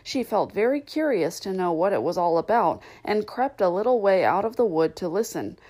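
A woman's voice: mid-range voice, expressive, warm tone, rough recording. Woman reading a storybook aloud. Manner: measured, clear storytelling with occasional slips. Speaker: narrator. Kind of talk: audiobook reading of a classic novel.

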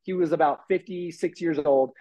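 A man telling his life story as a guest on an interview podcast, animated, acting out quotes with lots of fillers. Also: on the high side, moderate pace, muffled recording.

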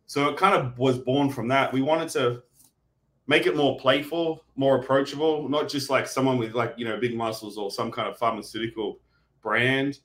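A man's voice: medium pitch, fairly even intonation, normal speed, fairly bright tone. A man, a guest chatting casually and rambling about his brand, swearing now and then. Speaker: guest, supplement brand founder. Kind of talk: casual interview chat.

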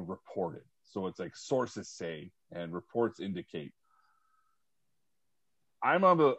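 On a laid-back podcast, a male host rambles about movies and sports, using lots of fillers. His voice is low, and the muffled recording has no echo.

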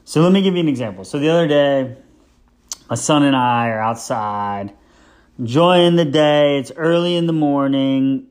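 A man's voice: mid-range voice, darkish tone. A man in his thirties telling a casual, rambling, self-mocking story about being a father.

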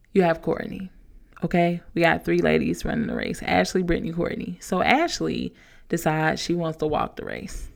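A young woman talks through her podcast with a slightly low voice that catches into fry. She tells her story in an animated, chatty way, full of casual slang. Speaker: podcast host. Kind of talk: casual motivational talk.

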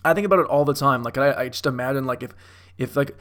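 A man's voice: mid-range voice, quick pace, a bit bright. A young man riffing casually on movies, profane and self-mocking, like a comic doing a bit. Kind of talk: casual rambling commentary.

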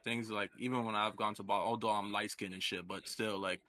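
A man with a fairly low voice and a forceful, bright edge talks through a loose sports chat as co-host. He rambles and circles back, leaning on "like" and "you get me" as he works out his point. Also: steady tone, brisk. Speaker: podcast co-host.

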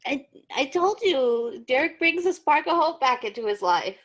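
A woman hosting a casual podcast chat and reading fan fiction aloud, animated and quick to laugh. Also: high-pitched. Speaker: podcast host and reader.

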